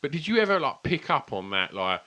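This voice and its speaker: A man's voice: on the high side, sing-song, fairly quick, bright, forceful tone. A man, co-hosting a casual podcast chat and telling rambling, sweary stories. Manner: rambling, sweary, chatty storytelling. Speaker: podcast co-host. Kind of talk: casual chat over beers.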